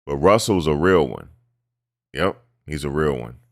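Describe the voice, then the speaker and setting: Very deep-voiced man ranting about football. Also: unhurried, no room sound, studio quality. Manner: animated, profane, mocks players' interview voices. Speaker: sports commentary host. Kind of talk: casual sports talk.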